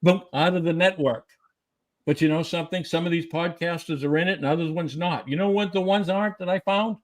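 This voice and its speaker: A man's voice: a little high, fairly quick. A man being interviewed on a podcast, talking emphatically and firing off rhetorical questions. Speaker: guest. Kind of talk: animated interview talk.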